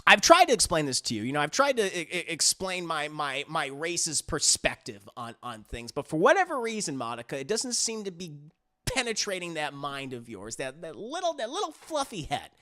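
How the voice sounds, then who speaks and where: A man's voice: a little high, huge pitch swings, moderate pace, sharp tone, full character voice. A man voicing a cold, scheming little alien creature who lectures in a falsely innocent, condescending way. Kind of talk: animated recap voicing of a character.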